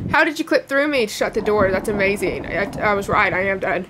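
A woman playing a horror game, talking to herself nervously and joking to calm her nerves. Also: medium pitch, fast, vocal fry, few pauses, noisy background. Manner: nervous, talks to herself, jokes to cope. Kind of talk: casual let's-play commentary. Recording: game music playing behind. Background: game music.

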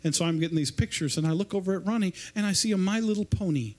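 Guy preaching in church, high voice, rambly, keeps restarting his sentences. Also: racing. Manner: rambling, repeats and restarts words. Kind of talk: informal sermon. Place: church service.

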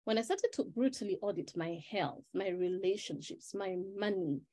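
A woman life-purpose coach giving an animated webinar talk, often asking "right?" and reading out viewers' names and chat replies. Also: medium pitch, normal speed. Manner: animated, testimonial, keeps checking in with "right?".

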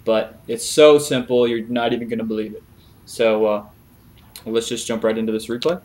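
A man's voice: mid-range voice, moderate pace. Casual young man explaining a game trick. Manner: relaxed, many "uh" fillers, chuckles. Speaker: gaming video creator. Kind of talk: casual game tutorial over a replay.

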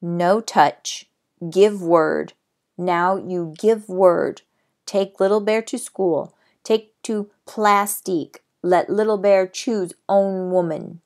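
A woman's voice: fairly low pitch, slow pace, darkish tone. A woman voicing a small, stern warrior man who speaks in short, clipped broken phrases. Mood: firm. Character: stern little Indian warrior man, blunt.

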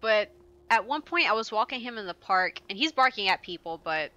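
Bright-voiced rambling woman streamer. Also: mid-range voice, lively intonation, a little fast, dull audio. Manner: rambling, profane, laughs often. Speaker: game streamer. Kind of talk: casual chat while playing a game.

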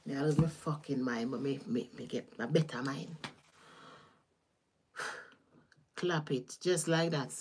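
A woman with a Caribbean patois accent, a tarot reader chatting casually with her live-stream viewers, animated, laughing and swearing freely. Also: extremely low pitch, unhurried, pauses often, slight background noise. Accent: Caribbean, Jamaican-style patois.

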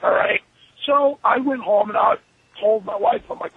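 A man in an interview, telling an animated, profane story and acting out what was said. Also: high voice, normal speed, vocal fry, breathy edge, dry recording, narrow, tinny audio. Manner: animated, profane, acts out his own quotes. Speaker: interview guest.

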